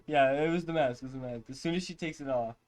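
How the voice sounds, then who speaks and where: A man's voice: medium pitch, fast talker, a little mellow. Laughing man streaming a game. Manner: laughs often, reads game dialogue aloud. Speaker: streamer playing a video game. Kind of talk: casual gameplay commentary.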